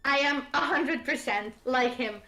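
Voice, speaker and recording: A woman with a high, bright voice talks in a casual lore chat, playful and quick to laugh. She keeps slipping into teasing impressions of characters. The sound is roomy, with faint music underneath. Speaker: streamer host.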